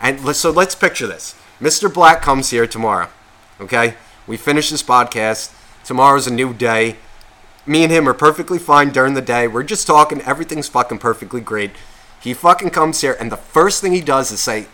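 Co-hosting a relaxed podcast at normal speed, this man has an animated, mid-range voice. He rambles with constant profanity, frequently starts over and questions himself, and turns loud and fiery once he gets going.

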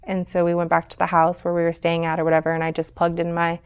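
Brief: young woman guest, slightly low, smooth yet gravelly, frank halting storyteller. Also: monotone, a little mellow. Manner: frank, halting, many fillers and "like". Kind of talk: personal storytelling in conversation.

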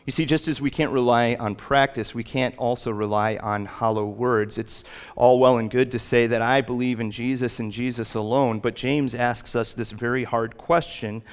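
A male pastor preaching a sermon, animated, climbing to loud emphatic peaks and then dropping back down. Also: mid-range voice, normal speed, smooth.

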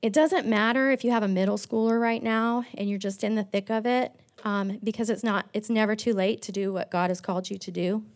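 A woman's voice: medium pitch, fairly even intonation, brisk, hardly any pauses. A woman pastor giving an earnest sermon, telling personal stories with frequent restarts.

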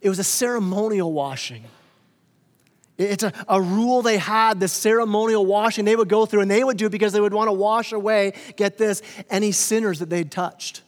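High-voiced pastor in a reverberant church. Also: male voice, fairly quick. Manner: conversational, playful, acts out quoted characters. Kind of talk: sermon. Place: church sanctuary. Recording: long hall reverb.

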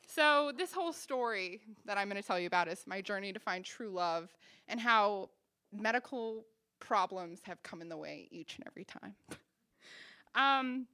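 Bright, comic woman telling a story. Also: mid-range voice, clear, resonant tone, dry recording, clean studio sound. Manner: comic, self-deprecating, acts out dialogue. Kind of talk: live personal storytelling.

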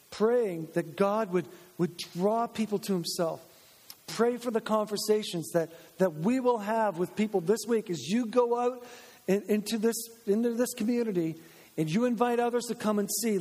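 A man's voice: sits high, a little mellow. A man preaching a sermon as pastor in a church, conversational and acting out quoted voices. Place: church sanctuary. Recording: long church reverb.

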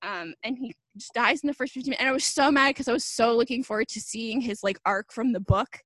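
Young co-host, rambling and teasing, heavy on fillers; dry, close recording. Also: female voice, a little high, fast, fairly bright tone, no room sound. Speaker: podcast co-host. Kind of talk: casual chat.

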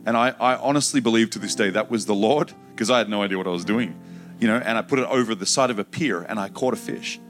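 Preacher, male, low voice, emotional testimony storytelling, soft music under it. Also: fast talker. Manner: emotional storytelling, acts out shouted childhood quotes. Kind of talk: personal testimony sermon.

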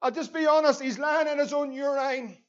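A man's voice: very high-pitched, fairly even intonation, a little fast, lo-fi sound. A man with a Northern Irish accent preaching a sermon as pastor, earnest and repeating phrases for emphasis.

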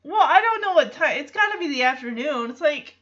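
A woman's voice: high voice, fairly quick. A woman casually recapping a sitcom episode, acting out the characters' lines in different voices and laughing often. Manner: animated, acts out quotes in voices, laughs often. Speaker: show recapper. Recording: slightly dull lo-fi sound.

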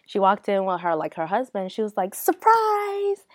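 A woman's voice: medium pitch, brisk, no echo, clean studio sound. A woman in casual chat, telling a story with lots of laughter and acting out what people said. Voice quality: laughs often while talking. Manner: animated storyteller, acts out quoted people.

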